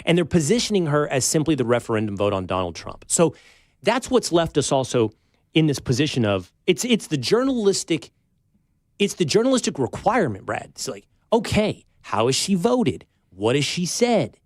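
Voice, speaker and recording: A man's voice: a little high, sing-song, moderate pace, no echo, studio quality. A man hosting a talk show, talking in a pointed conversational way as he challenges his guest. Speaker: show host.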